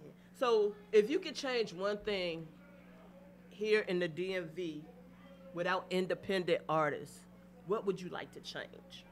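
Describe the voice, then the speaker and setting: A woman hosts a radio show, chatting in a relaxed, easygoing way. She keeps her guest going with short affirmations. Faint clicking sits under her voice. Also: fairly low pitch, measured pace, slight background noise. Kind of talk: casual radio interview.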